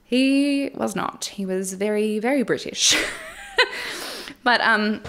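A woman's voice: mid-range voice, fairly even intonation, slow, creaky, pushed and bright. A woman hosting a solo podcast at home, recapping a show in a candid, wry, chatty way with frequent laughs. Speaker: podcast host. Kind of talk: solo casual recap commentary. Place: at home alone with her cats.

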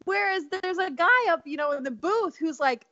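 High-voiced woman gossiping animatedly. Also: normal speed, no echo, muffled recording. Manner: animated gossipy storytelling, laughs often. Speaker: podcast co-host. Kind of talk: casual chat.

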